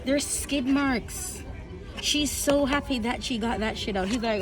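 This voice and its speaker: Over background music, a young woman from Jamaica speaks unhurriedly in a fairly high voice, her accent clearly Jamaican. Filming a travel vlog on her phone, she chats away and slips into patois while storytelling.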